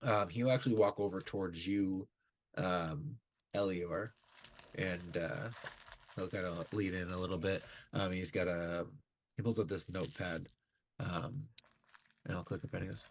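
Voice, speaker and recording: A man narrating as game master, halting with many fillers. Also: sits low, fairly even intonation, slight background noise.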